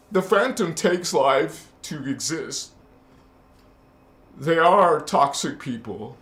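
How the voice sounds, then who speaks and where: Male spiritual host with a high voice and a slow, hesitant, scolding delivery, recorded in a reverberant room. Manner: preachy and scolding, with sudden loud chanted words; hesitant, many fillers and restarts. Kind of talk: confrontational spiritual monologue. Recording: echoey room.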